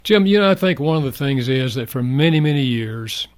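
Un homme âgé, invité d'une émission, raconte avec sincérité et douceur une histoire personnelle. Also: male voice, mid-range voice, expressive, fairly quick, no echo. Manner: earnest, soft-spoken, reflective. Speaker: guest. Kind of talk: heartfelt personal storytelling.

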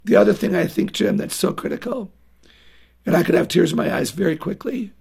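Earnest husky-voiced woman guest. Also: medium pitch, a little fast, darkish tone. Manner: earnest, emphatic, acts out dialogue with children. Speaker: guest parenting author. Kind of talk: radio interview.

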